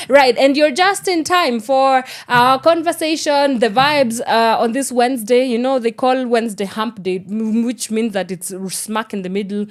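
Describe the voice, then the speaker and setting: A woman's voice: fairly high pitch, steady tone, normal speed, few pauses. A woman with a Kenyan accent hosting a morning radio show, chatting casually and slipping in Swahili phrases. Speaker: radio host. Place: radio studio.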